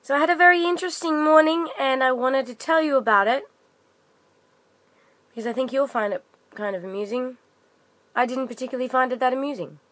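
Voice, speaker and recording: A woman's voice: high-pitched, a little fast, long pauses, a bit bright, dry recording. A young woman vlogger telling a story in a casual, rambling rant full of fillers and restarts.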